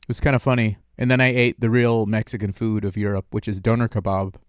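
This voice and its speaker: A man's voice: lowish voice, flat delivery, quick pace, smooth, no room sound, studio quality. A young man hosting a call-in stream, talking in a rambling, joking way with lots of filler words. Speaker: streamer host taking calls. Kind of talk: casual chat.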